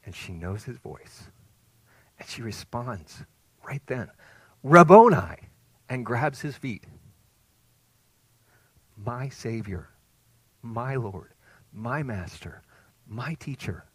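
A man preaching a sermon with an earnest, emphatic delivery. His voice sits at an ordinary middle pitch, and the sound is dry and close with no room echo. He swings between loud, pressing lines and quiet, intimate ones. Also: expressive, takes it slowly, pauses often, slightly rough. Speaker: pastor.

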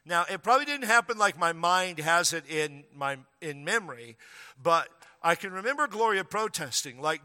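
A man's voice: high-pitched, animated, normal speed, sharp tone. A male pastor preaching a storytelling sermon, conversational and humorous, then rising to emphatic preaching. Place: church sanctuary. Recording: long reverb of a large hall.

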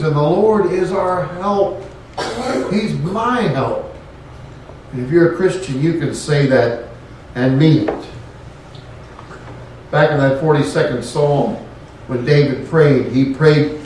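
A man's voice: on the high side, animated, slow, long pauses, a little hiss or hum. Folksy preacher man in an echoey church. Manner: folksy, rising to emphatic preaching. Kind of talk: sermon. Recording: echoey room, voice from far off.

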